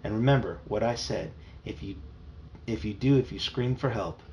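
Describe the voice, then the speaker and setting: A bullying teenage older brother sneers out threats in a low, gravelly voice, as a man reading a storybook puts him on. The recording is dull and muffled, with a faint hiss behind it. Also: moderate pace, warm tone, lightly acted. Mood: menacing.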